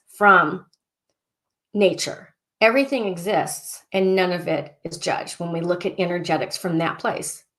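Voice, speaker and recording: A woman life coach leading a casual group session, excitable and talking in loops, often repeating phrases and clearing statements. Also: mid-range voice.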